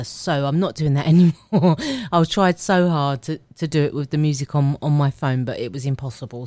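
Low-voiced chatty woman radio DJ. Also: a little mellow, no room sound. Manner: chatty, rambling, self-correcting. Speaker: radio show host. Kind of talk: casual radio DJ chat. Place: radio studio. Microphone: studio microphone.

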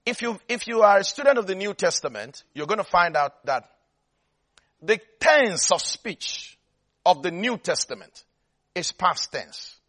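Man preaching, very high voice, bright and forceful, repetitive emphatic delivery. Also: lively intonation, a little slow. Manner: repetitive, building emphasis, checks on listeners. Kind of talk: sermon.

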